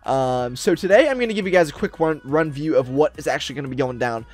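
A man's voice: fairly high pitch, expressive, quick pace, faint music behind. A man narrating a roleplay game for viewers, upbeat and chatty, with many fillers. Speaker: Roblox roleplay YouTuber. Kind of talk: excited gameplay narration.

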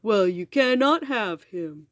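A woman putting on a slow, gloating giant. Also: animated, a bit bright, no room sound, studio quality. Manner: slow, booming, mocking. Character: boastful male giant, big and gloating. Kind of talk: storybook reading.

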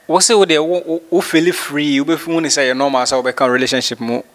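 A man's voice: on the high side, steady tone, fairly bright tone. A man with a Ghanaian accent hosting a casual discussion, mixing English and Twi with many halts and restarts. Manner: switches between English and Twi, halting. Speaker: host.

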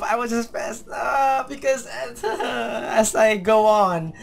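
A man from the Philippines doing gameplay commentary, excitable, talking to himself and his viewers and calling out answers as he plays. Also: very high voice, slow, creaky, hardly any pauses, faint music behind. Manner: excitable, talks to himself and the audience, counts answers aloud. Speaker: gaming YouTuber.

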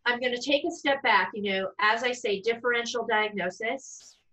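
A middle-aged woman speech-language pathologist explains cases to colleagues over a video call. Her voice is bright and forward, and she talks in a chatty way, restarting sentences and tossing in self-deprecating asides. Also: fairly high pitch, moderate pace, rough recording. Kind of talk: explaining to fellow clinicians.

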